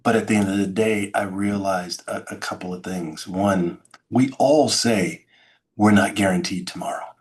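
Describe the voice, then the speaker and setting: A man's voice: fairly low pitch, moderate pace. A middle-aged man telling his story as an interview guest, acting out sounds and quoted lines with dramatic flair. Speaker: podcast guest, keynote speaker.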